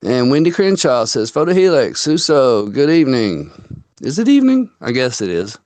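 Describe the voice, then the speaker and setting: A man's voice: mid-range voice, very animated, normal speed, darkish tone, no room sound. A man co-hosting a casual online talk show, teasing and joking with his guest. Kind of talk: casual chat. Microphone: webcam microphone, off camera.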